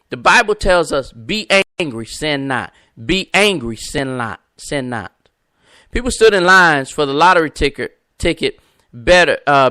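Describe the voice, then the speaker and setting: Male host, preacher cadence, bright and forceful, dry close mic. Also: fairly high pitch, clean tone, no echo. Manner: emphatic, repetitive, preacher-like cadence; talks to viewers and callers by name. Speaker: podcast host. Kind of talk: live-stream preaching talk.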